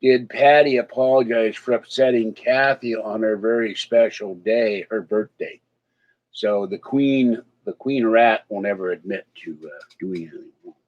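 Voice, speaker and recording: A man with a lowish voice vlogs to camera in a casual, rambling chat, unhurriedly complaining about his day. The lo-fi sound is slightly dull.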